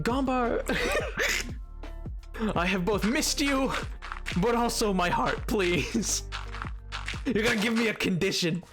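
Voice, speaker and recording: A man live-streaming a game, chatting casually and playfully with his viewers in a rambling way, with lots of fillers. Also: sits high. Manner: rambling, playful, talks to chat.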